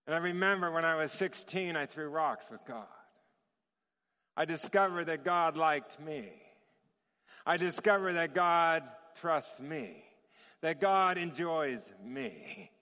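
Lively man preaching in a reverberant hall. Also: fairly high pitch, slow. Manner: lively, chuckles often, acts out quoted dialogue. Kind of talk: sermon storytelling.

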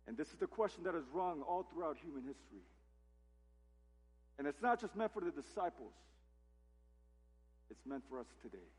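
A man's voice: on the high side, lively intonation, a little fast, long pauses, darkish tone, husky. A man preaching a sermon as pastor, emphatic and full of rhetorical questions, in a church sanctuary. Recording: long hall reverb.

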